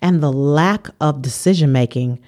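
A woman's voice: deep voice, normal speed, warm tone. A woman co-hosting a podcast, chatting casually and playing along with jokes. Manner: playful, plays along. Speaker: co-host.

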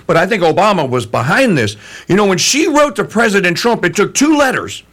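A man hosting an interview who tells stories in an animated, emphatic way. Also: high-pitched, brisk. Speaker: host. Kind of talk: conversational interview.

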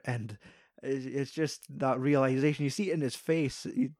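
A man's voice: medium pitch, moderate pace, few pauses, no echo, studio quality. A young man, chatting casually and animatedly about a film, swearing freely. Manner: animated, sweary, acts out quoted lines.

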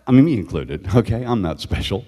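A man telling animated stories as a guest, often laughing as he talks. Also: lowish voice, brisk, in a large hall. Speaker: guest actor. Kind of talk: casual storytelling.

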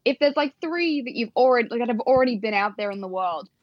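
Fast-talking animated woman, dry sound. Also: on the high side, dry recording, lo-fi sound. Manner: fast, animated, swears, lots of "like". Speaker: podcast co-host. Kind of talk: casual book chat.

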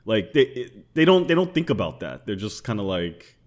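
A man's voice: low-pitched, sing-song, normal speed. A man co-hosting a podcast, talking bluntly and animatedly with plenty of swearing. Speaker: podcast co-host. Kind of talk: casual chat.

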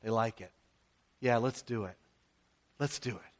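An American man, a pastor, preaching a sermon in a conversational, animated storytelling way with frequent asides. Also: medium pitch, unhurried.

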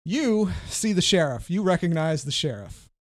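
A man's voice: high voice, sing-song, moderate pace. A man narrating as game master of a tabletop role-playing session, describing actions and rolls. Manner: plays characters in quoted lines.

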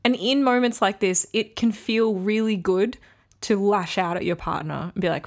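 A woman's voice: mid-range voice, moderate pace. Candid woman hosting a relationship podcast. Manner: candid, reflective, frequent ums. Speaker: podcast host. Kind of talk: casual solo podcast talk.

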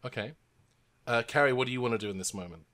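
A man's voice: medium pitch, quick pace, a bit bright. A man running a tabletop role-playing game, enthusiastic and full of fillers as he narrates and calls for rolls. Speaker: game master.

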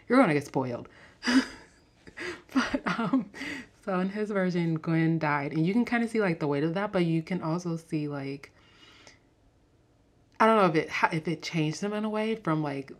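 Young woman w a low voice chatting fast about a movie, lots of likes and ums, gets excited. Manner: animated, fast-talking, frequent fillers and laughs. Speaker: podcast host. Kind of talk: casual movie review chat.

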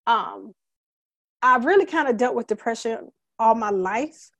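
A middle-aged woman as a guest, telling her story candidly in an earnest, halting way, holding back tears. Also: a little high, lively intonation, fairly bright tone, no room sound. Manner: earnest, halting, many fillers and restarts; emotional, fighting back tears. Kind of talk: candid conversational testimony.

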